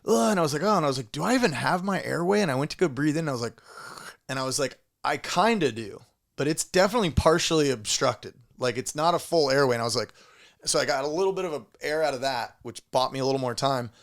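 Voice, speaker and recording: A man's voice: mid-range voice, quick pace. A man co-hosting a casual podcast, telling a story with lots of swearing and acted-out noises. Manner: animated storyteller, swears a lot, acts out sounds. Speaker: podcast co-host.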